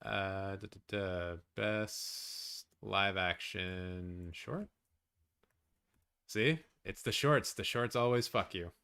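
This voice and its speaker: A man hosting a live watch-along stream, chatting casually with his viewers, swearing often and reacting loudly. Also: low voice, slow pace, vocal fry, clear, resonant tone. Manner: excitable, swears a lot, talks to chat.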